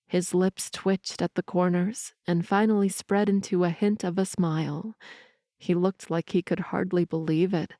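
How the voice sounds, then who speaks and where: A woman narrating an audiobook in the first person with calm, even storytelling. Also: lowish voice, no room sound, studio quality.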